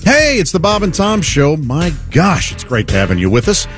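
Radio host, male, bouncy and expressive, teasing studio banter. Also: a little high, normal speed, over music. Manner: upbeat, animated, teasing.

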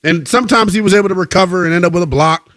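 A man's voice: high voice, rapid-fire, a bit bright. A man co-hosting a sports show, giving opinionated takes with playful asides. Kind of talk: casual sports debate.

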